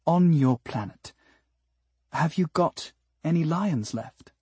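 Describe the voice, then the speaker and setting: A man's voice: a little high, expressive, slow pace, warm tone, slightly rough, no echo, full character voice. A man voicing a tall, skeletal alien woman who speaks with elaborate humility and pointed, insistent questions, in an audiobook. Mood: polite. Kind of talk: audiobook character voice.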